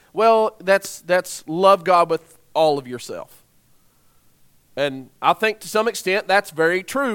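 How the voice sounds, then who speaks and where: A man in his thirties or forties delivers a sermon with a fairly high voice. He talks in a conversational way, often turning to the congregation with rhetorical questions. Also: fairly bright tone. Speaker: preacher.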